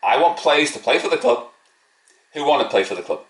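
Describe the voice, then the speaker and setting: A man's voice: a little high, big pitch swings, a little fast. A man hosting a football fan channel, giving a blunt, opinionated match preview with some swearing. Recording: roomy echo.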